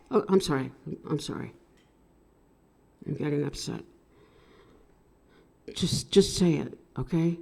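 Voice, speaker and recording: A woman telling a personal story at an open mic, swinging between hushed and loud with strong emotion. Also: fairly low pitch, lively intonation, unhurried, gravelly, long pauses. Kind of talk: live dramatic storytelling.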